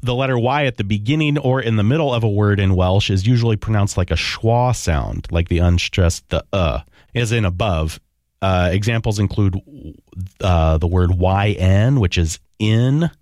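A man's voice: on the low side, moderate pace, a little mellow, dry recording, studio quality. A man co-hosting a podcast in casual chat, hesitantly sounding out words with laughs and restarts. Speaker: podcast co-host.

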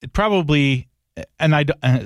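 A man's voice: fairly high pitch, moderate pace, dry recording, studio quality. A man co-hosting a casual talk show, reading out listener mail and chatting with an easy laugh. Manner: reads listener email aloud, laughs easily. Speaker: podcast co-host. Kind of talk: casual chat.

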